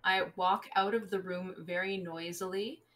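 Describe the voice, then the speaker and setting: A woman's voice: fairly low pitch, fairly even intonation, moderate pace, fairly bright tone, a little hiss or hum. A woman playing a character in a casual tabletop game, cheeky and playful. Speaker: player. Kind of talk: casual tabletop role-play.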